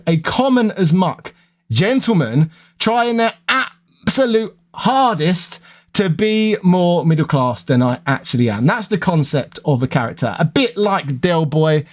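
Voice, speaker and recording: A man putting on a pompous posh gentleman. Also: on the high side. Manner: exaggerated posh, drawn-out delivery. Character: pompous posh top-hatted gentleman, a commoner faking class. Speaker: gaming YouTuber. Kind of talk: reading viewer comments in character.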